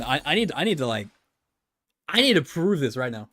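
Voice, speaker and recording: Streamer type: chatty guy, lively up-and-down delivery, swears casually, faint music under him. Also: a little high, brisk. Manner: rambling, joking, swears freely. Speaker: gacha game streamer. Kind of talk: casual livestream commentary. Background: faint background music.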